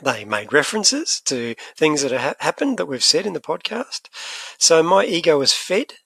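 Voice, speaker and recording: Australian male podcast co-host, animated and chatty, bright tone, dry close mic. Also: fairly high pitch, normal speed, gravelly, husky, no echo. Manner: chatty, animated, laughs easily. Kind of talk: casual podcast chat.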